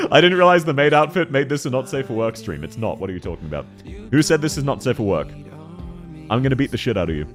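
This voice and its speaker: Lively Australian streamer with a radio voice. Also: male voice, medium pitch, faint music behind. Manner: playful, teasing, quick to laugh. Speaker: VTuber streamer. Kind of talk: casual livestream commentary.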